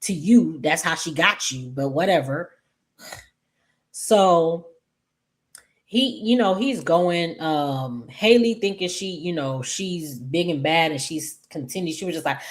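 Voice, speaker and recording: Sassy low-voiced woman recapping soaps. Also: a little slow. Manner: chatty, animated, sassy asides to viewers. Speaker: soap opera recap host. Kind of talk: casual episode recap.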